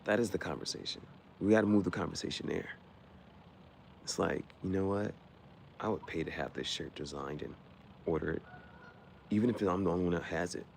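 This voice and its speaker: A man casually chatting with his live-stream viewers, playful and quick to laugh as he riffs on the spot. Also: sits low, vocal fry, a little mellow, a little hiss or hum.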